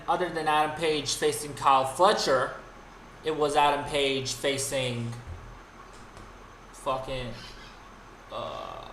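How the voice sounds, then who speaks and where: Male streamer, unscripted rant, cursing and exasperated, slightly high voice, roomy echo. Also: a bit bright. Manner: profane, exasperated ranting with frequent restarts. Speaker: streamer and host. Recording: roomy with faint background noise.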